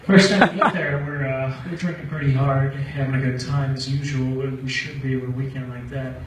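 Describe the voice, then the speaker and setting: A man's voice: mid-range voice, fairly even intonation, a little fast, heavy background noise. A man doing stand-up, telling a rambling story and laughing at his own jokes. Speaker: stand-up comedian. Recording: echoey room from far off with faint ambience.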